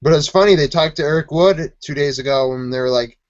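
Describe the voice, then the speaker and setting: A man's voice: fairly high pitch, a little fast, dry recording, highs cut off. A man from Buffalo co-hosting a sports podcast, telling stories in casual chat and acting out quotes as he goes. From Buffalo, New York. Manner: rambling, animated storytelling with quoted voices.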